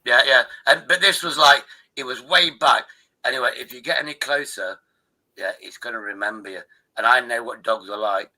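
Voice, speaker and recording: An older man holds forth on a live video call. His voice is very bright and sharp, his pitch sits in a middling range, and he rambles from story to story with plenty of swearing. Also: normal speed, low-quality recording. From Derbyshire, England. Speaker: livestream host. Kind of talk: casual chat.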